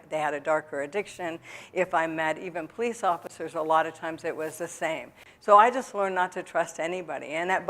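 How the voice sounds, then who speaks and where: A woman's voice: fairly low pitch, a bit bright. Woman telling a raw testimony. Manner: candid, storytelling with many fillers and restarts. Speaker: speaker giving a testimony. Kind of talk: personal testimony talk. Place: church.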